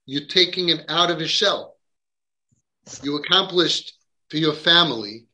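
A man with a high, piercingly sharp and forceful voice talks to parents with urgent conviction. He leans hard on key words and repeats them for stress, like a coach preaching his method. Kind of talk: impassioned podcast talk.

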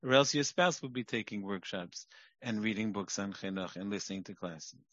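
A man giving a lecture on parenting, emphatic, shifting between quiet asides and loud points. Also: lowish voice, normal speed, no room sound. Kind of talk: recorded lecture. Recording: dull lo-fi dry recording.

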